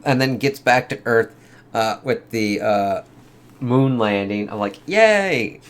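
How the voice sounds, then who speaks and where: A man's voice: on the low side, fairly even intonation, a little slow. A man giving a loose, casual spoken review of a comic book, swearing freely and leaning on fillers. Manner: loose and profane, lots of fillers.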